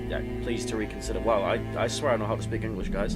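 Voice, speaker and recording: Loud music runs under the brisk, fairly even voice of a man on the low side. Playing a video game as a let's play commentator, he reads its story aloud in a rambling, self-mocking way, restarting often.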